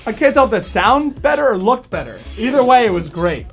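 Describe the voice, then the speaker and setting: Lively, enthusiastic male radio host. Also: very high voice, a little fast. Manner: enthusiastic, hyping. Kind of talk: upbeat interview hosting.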